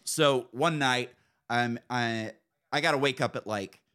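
A man hosting a podcast, telling stories in a casual, animated and profane way. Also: medium pitch, unhurried, smooth. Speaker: podcast host. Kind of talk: casual storytelling chat.

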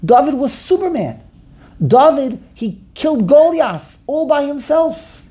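A man teaching a Talmud class, animated and exclamatory, full of rhetorical questions. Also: very high voice, measured pace.

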